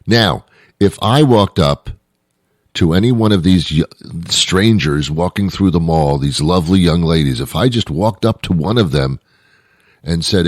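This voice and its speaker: A man with a low, deep voice rambles through a self-deprecating comic monologue. He stumbles and restarts often. The sound is dry and close with no room echo. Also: unhurried. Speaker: host. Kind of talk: comedic monologue.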